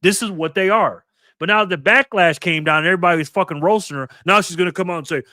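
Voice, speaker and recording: A man's voice: high-pitched, a little fast, sharp tone, no room sound, studio quality. A man in his fifties from New York State, hosting a live political commentary stream and ranting angrily with lots of profanity. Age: 50s. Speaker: livestream host.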